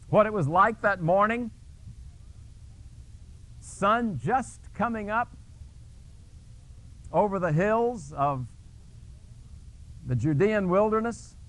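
A male pastor preaching a sermon, retelling a scripture scene dramatically and explaining a word, with restarts and fillers. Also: a bit bright. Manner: dramatic storytelling with sudden pitch jumps.

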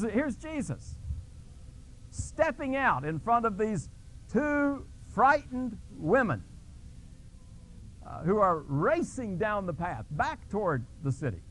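Lively slow-paced preacher man. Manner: dramatic storytelling with sudden pitch jumps; restarts and fillers when explaining. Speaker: pastor. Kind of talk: sermon.

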